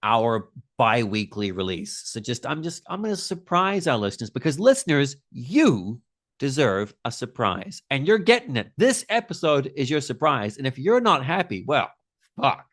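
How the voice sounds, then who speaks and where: A man hosting a casual film podcast, talking in an animated way and swearing freely. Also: mid-range voice, normal speed. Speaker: podcast host.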